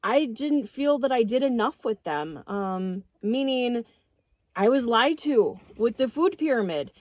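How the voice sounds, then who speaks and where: A woman's voice: on the high side, lively intonation, a little slow, a little mellow, no echo. A middle-aged woman co-hosting a casual vlog outdoors on a homestead, talking in an earnest, emotional and emphatic way. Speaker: co-host.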